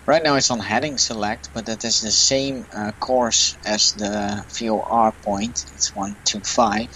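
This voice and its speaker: A man's voice: lowish voice, steady tone, a little slow, sharp tone, a little hiss or hum, low-quality recording. A young man with a Dutch accent, commenting casually on a flight simulator game and thinking aloud, unsure of himself. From Netherlands. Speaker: flight sim gamer.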